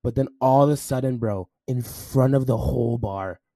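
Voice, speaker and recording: A man's voice: mid-range voice, moderate pace, mellow. A young man co-hosting a podcast, telling stories loosely in casual chat, full of "bro" and "like". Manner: loose storytelling, heavy on "bro" and "like". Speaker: podcast co-host.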